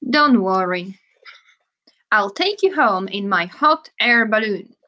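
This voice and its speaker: Storybook figure: woman voicing a soft-spoken old fake wizard, lower than her own voice, slow and bright. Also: lively intonation. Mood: apologetic. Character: humble old man posing as a wizard. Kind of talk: reading a children's story aloud.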